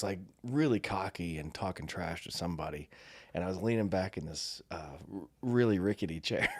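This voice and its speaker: A man's voice: sits low, no echo, studio quality. A middle-aged man, a former Marine, co-hosting a podcast and telling stories casually, laughing often. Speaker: podcast co-host. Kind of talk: casual storytelling chat.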